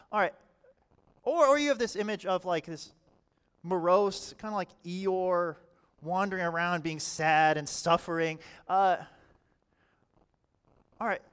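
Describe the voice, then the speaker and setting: A man preaching a sermon in a conversational way, often saying "all right" and swinging between quiet and loud passages. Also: high-pitched, clean tone. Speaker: pastor.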